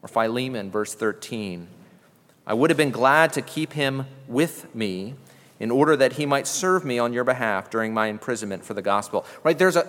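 Male pastor, sermon, earnest teaching tone, rhetorical questions, average pitch, long hall reverb. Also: a bit bright.

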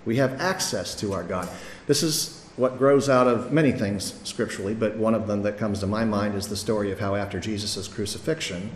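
In an echoey hall with faint ambience, a middle-aged male pastor delivers a sermon in an earnest, conversational way, restarting now and then. His voice is on the low side and fairly quick, and there's a little hiss or hum.

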